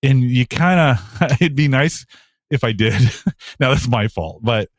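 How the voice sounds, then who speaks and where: A man's voice: medium pitch, animated, measured pace, no echo, clean studio sound. A man chatting casually on a podcast, rambling and often leaving sentences unfinished. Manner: rambling, trails off mid-sentence.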